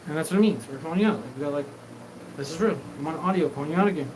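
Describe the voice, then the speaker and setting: A man's voice: a little high, racing, a little mellow. A man hosting his own show, talking in a rambling, disjointed, profane live monologue. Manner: disjointed, profane, jumps between topics. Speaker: show host. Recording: noisy background.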